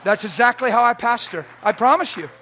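A pastor, a man, preaching a sermon in an emphatic, blunt style with sudden shouted lines. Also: very high voice, animated, a little fast, some chatter behind.

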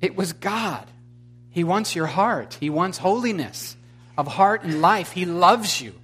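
A man's voice: sits high, animated, a little slow, a bit bright, breathy edge. A man preaching a sermon with emphatic delivery. He questions his congregation, adds wry, blunt humor, and builds to fervent exclamations. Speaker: pastor.

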